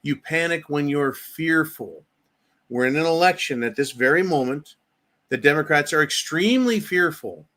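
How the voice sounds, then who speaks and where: A fired-up middle-aged man hosts a political rant, swearing freely and slipping into sarcastic mock quotes. His voice sits a touch high for a man. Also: sharp tone. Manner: angry, profane, sarcastic mock-quoting. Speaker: political commentary host. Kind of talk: ranting political commentary.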